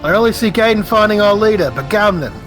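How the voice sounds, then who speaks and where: A man voicing a proud male lizardfolk warrior in a deliberately bad put-on Australian accent. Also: high voice, expressive, fairly bright tone, faint music behind. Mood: earnest. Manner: deliberately bad accent, read aloud from a game.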